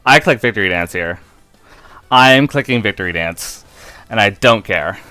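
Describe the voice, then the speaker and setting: A man giving live gameplay commentary in an excitable way, often breaking into helpless laughter, on a close, dry mic. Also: on the low side, moderate pace, clean tone, no room sound. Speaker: competitive game player and video creator.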